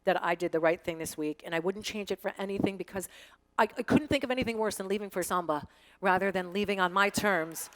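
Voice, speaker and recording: A middle-aged woman reading tweets aloud to a live audience, with animated, joking, sassy asides. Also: mid-range voice, fast, in a large hall. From United States. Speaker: guest reading tweets on stage. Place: event space with audience.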